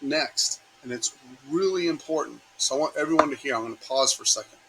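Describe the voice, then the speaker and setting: A man with a bright, forceful voice talks his trading team through their mindset, and he says every key point twice. He keeps asking "right?" to check they follow. A faint hiss sits under the recording. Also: mid-range voice, quick pace, hardly any pauses, poor audio. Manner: emphatic, repeats key points, asks "right?" after each point. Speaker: trading coach. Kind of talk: market preview talk to his trading team.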